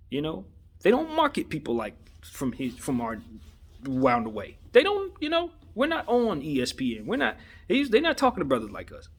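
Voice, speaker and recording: A man's voice: medium pitch, husky. A man from Los Angeles giving his opinion in a casual monologue, conversational and slangy, often repeating himself for emphasis. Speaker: vlogger giving sports opinion.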